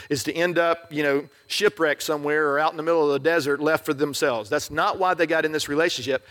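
A man's voice: a little high, fairly bright tone. A middle-aged male pastor preaching a sermon in a conversational, joking way, often checking in with the crowd.

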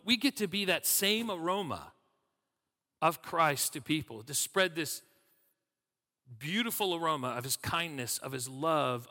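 A man preaching a sermon, telling stories in a lively way and acting out what people said. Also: medium pitch. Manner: animated storytelling with acted-out quotes. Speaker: pastor. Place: church sanctuary. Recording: long reverb of a church hall.

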